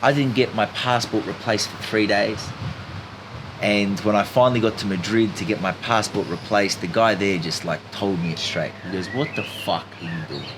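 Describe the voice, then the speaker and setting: A man telling a story in an animated, emphatic way as a podcast guest. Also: lowish voice, normal speed, noisy background. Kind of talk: casual storytelling chat.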